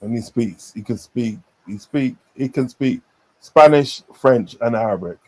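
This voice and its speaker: A man's voice: medium pitch, unhurried, a little mellow. A man chatting casually on a stream, rambling with many fillers and repeated phrases. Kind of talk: casual chat.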